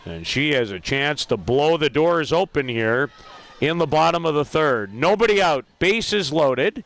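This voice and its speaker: A man calling a softball game play by play, lively, with self-deprecating asides about player names. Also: on the high side, unhurried. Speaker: play-by-play announcer. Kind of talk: sports commentary.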